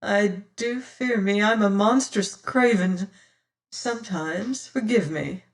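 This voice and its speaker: A woman voicing a frightened, gentle young noblewoman who speaks softly and pleadingly. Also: mid-range voice, takes it slowly, recorded from a distance. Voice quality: soft and hushed. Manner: timid, pleading.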